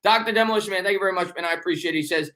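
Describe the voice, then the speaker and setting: A man's voice: high-pitched, sharp tone. A young man with a New York accent hosting a sports live stream, reading viewer comments in a rambling, joking, repetitive way. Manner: fast, rambling, repeats himself, joking banter.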